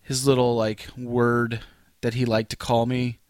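A man's voice: mid-range voice, monotone, measured pace, dry recording. A man co-hosting a podcast in casual banter. He rambles, swears, laughs often and does voices, close on a studio mic. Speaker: podcast co-host.

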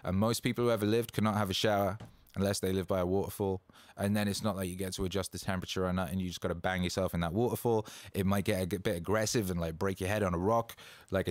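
A man hosting a casual motivational monologue, swearing freely and rambling with bursts of excitement. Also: deep voice, fast, no room sound. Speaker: host.

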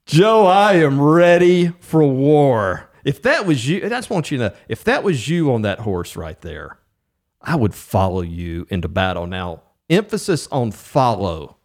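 A man co-hosting a business podcast, chatting casually in a joking, animated way. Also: on the low side, normal speed. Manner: animated, jokey, with filler restarts. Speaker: podcast co-host. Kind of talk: casual chat.

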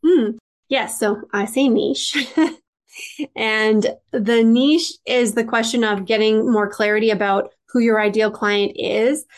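A woman's voice: a little high, steady tone, measured pace. Chatty woman, branding coach. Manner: chatty, frequent "like" fillers, light laughs. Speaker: podcast host and branding coach. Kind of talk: casual interview answers.

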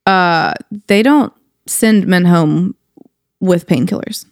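A woman co-hosting a podcast in casual chat, telling a story with lively quoted voices. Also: on the low side, slow pace, no echo, studio quality. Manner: animated storyteller, quotes people in their voices. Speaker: podcast co-host.

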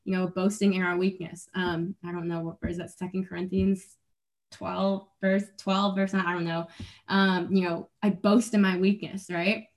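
A young adult woman, an athlete guest in a casual interview, talking earnestly and rambling, with restarts and little laughs. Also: mid-range voice.

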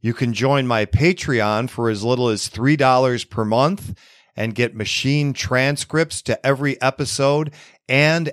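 A man hosting a podcast, asking questions and reading a support message in a measured way. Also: mid-range voice, no echo, clean studio sound. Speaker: podcast host. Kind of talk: interview questions and read sponsor break.

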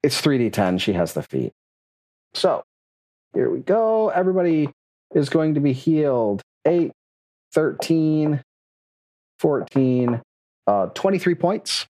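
A man's voice: on the high side, sing-song, slow, long pauses, mellow, no room sound. A man acting as game master, narrating combat and rules in a playful, teasing way. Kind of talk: running a tabletop game.

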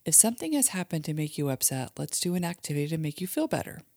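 A woman with a fairly low, warm, mellow voice gently guides children through a calming imagery exercise. She often slips into soft whispers. The recording is close and dry, with no room sound. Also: fast, dry recording. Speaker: host and mother leading guided relaxation for kids.

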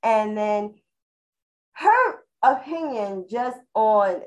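A woman co-host vents her frustration at length, swearing and repeating herself as she builds up steam. Her voice sits a little high, and she speaks. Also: animated, drawn-out words, darkish tone, rough recording. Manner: heated, swearing, exasperated ranting. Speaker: podcast co-host. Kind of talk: casual panel chat.

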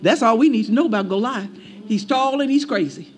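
A man preaching a sermon in a folksy storytelling manner, animated and shouting at times, with laughing asides. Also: extremely high pitch, brisk, a crowd in the background.

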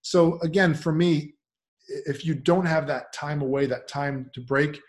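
A man's voice: a little high, unhurried. Reflective man talking casually. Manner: reflective, animated when quoting others. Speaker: podcast guest. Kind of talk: casual conversational interview.

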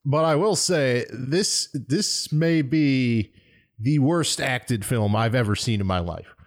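A man's voice: medium pitch, slow pace. A man co-hosting a movie podcast, exasperated and swearing as he trashes the acting. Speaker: podcast co-host. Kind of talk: casual movie-review chat.

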